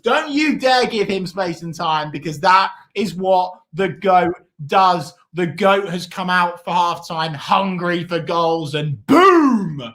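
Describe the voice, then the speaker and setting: A man co-hosting a football watchalong, boisterous and chatty, shouting and singing when his team scores. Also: high voice, lively intonation, slow pace, hardly any pauses. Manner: boisterous, shouts and sings at goals. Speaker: fan watchalong co-host. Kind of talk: excited football watchalong chat.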